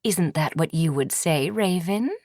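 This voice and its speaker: A woman's voice: low voice, lively intonation, a little slow, darkish tone, no room sound, clean studio sound, pitched below the performer's own voice, heavily acted. Woman voicing a grand, cutting evil queen. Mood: haughty. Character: vain, snappish evil queen mother.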